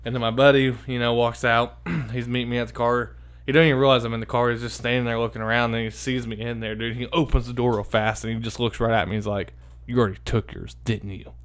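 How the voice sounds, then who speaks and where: A man's voice: medium pitch, little pitch movement, fast talker, a bit bright, clean tone. A man telling a long story in a casual, rambling way, swearing a lot and saying "dude" and "like" constantly. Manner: rambling, profane, lots of fillers like "dude" and "like".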